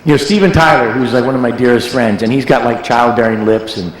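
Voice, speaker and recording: In a relaxed interview, a male music producer rambles through animated, jokey anecdotes at a fast clip in a medium-pitched voice. The sound has hall-like echo and slight background noise.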